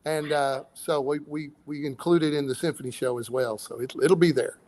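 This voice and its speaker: A man's voice: a little high, steady tone, a little fast, darkish tone, slight background noise. A man, a musician guest on a live show, talking about his songs in a modest, easygoing way and laughing often. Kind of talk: interview talk.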